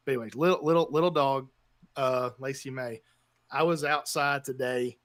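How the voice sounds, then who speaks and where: A man co-hosting a sports podcast, telling a self-deprecating story in a lively, casual way. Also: medium pitch, no echo. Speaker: podcast co-host. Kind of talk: casual chat.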